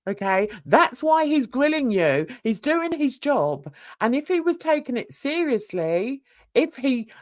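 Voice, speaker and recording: Slow, lively woman commentator. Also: a little high. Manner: emphatic, opinionated, scornful. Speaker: host. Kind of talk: drama commentary chat.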